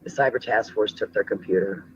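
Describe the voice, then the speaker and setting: A man calmly recounting a past ordeal in a matter-of-fact way. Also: fairly low pitch, brisk, slightly rough, muffled recording. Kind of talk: personal recollection.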